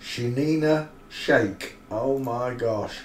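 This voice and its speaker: A man's voice: mid-range voice, extremely slow. Scornful man, rambling stream host. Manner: rambling, scornful, crude banter with asides. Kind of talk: mocking live-stream commentary. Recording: roomy echo, faint noise.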